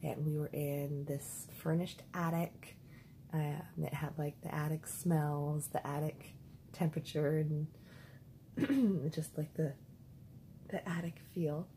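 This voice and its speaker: A woman talking through her dream journal in a rambling, casual way, repeating words and clearing her throat, with the hiccups. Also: low voice, steady tone, takes it slowly, dark tone, slight background noise, low-quality recording. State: has the hiccups. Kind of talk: casual spoken diary.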